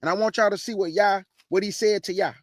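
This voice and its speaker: A woman hosting an informal Bible teaching, reading verses slowly and firmly and breaking in with pointed rhetorical questions in a casual, plain-spoken way. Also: medium pitch, fairly even intonation, no echo. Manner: casual, plain-spoken, addresses listeners as "y'all".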